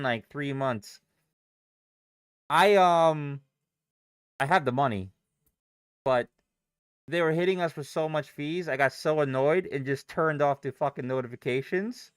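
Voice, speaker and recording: A man's voice: a little high, normal speed, fairly bright tone, smooth, no echo, studio quality. A young man chatting casually on a live trading stream, swearing and rambling as he reacts to chat and charts. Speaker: livestream day trader.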